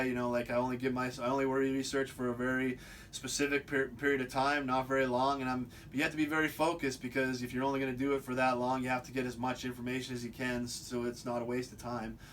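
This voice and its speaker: A man's voice: medium pitch, flat delivery, quick pace, fairly bright tone, a little hiss or hum. A man talking in a rambling, unscripted monologue to camera, often restarting and repeating words. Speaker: video host. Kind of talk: casual monologue.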